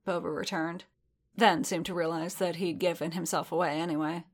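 Woman reading fic aloud, steady, lowish voice. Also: normal speed. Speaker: reader. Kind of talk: audiobook narration of fan fiction.

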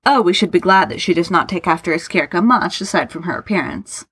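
A woman voicing a doting, gentle male dragon who frets and speaks in a formal, old-fashioned way. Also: on the low side, fairly quick, breathy edge, no room sound.

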